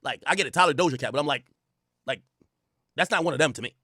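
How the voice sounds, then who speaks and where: A man's voice: on the high side, quick pace, pushed and bright, husky, no echo, clean studio sound. A man hosting a reaction commentary, ranting with profanity and repeating his points for emphasis. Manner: repetitive, emphatic. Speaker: host.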